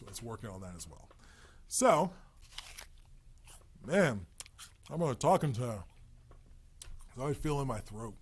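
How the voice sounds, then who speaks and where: A man's voice: medium pitch, breathy edge. Playful rambling man on a podcast. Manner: rambling, playful, jumps into silly voices and shouts. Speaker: podcast host. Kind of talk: casual spiritual talk.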